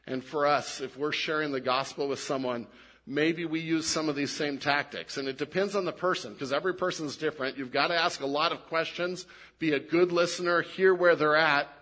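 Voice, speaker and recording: Male pastor, high voice, animated sermon delivery with hushed low emphasis. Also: moderate pace. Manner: animated, frequent restarts, drops to low quiet emphasis.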